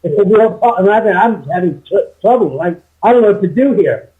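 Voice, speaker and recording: A man's voice: high voice, lively intonation, a little fast. Man rambling over a tinny phone line. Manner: rambling with many restarts and quoted dialogue. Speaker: guest, homeowner. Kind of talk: casual interview storytelling.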